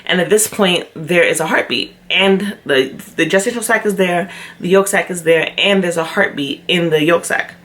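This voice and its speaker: A young woman vlogger telling a personal story to camera, chatty and animated, often acting out what others said. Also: on the low side, moderate pace. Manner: chatty with frequent fillers. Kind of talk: storytime vlog.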